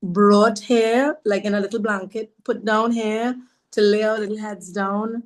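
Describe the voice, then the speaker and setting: A woman's voice: medium pitch, fairly even intonation, measured pace. A woman from Trinidad, a podcast guest telling a heartfelt personal story, earnest and devout, repeating phrases for emphasis. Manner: devout, speaks of faith warmly.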